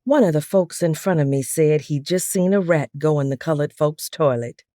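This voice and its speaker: A woman with a low, warm voice reads a first-person audiobook in a steady, unhurried way. The recording is dry and close. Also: no echo. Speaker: audiobook narrator.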